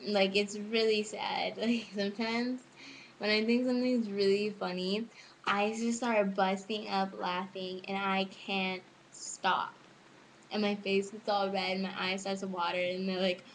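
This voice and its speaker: A woman's voice: mid-range voice, slight background noise, rough recording. A teenage girl chatting casually to camera as a vlogger, rambling and giggly. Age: teens. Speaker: student vlogger.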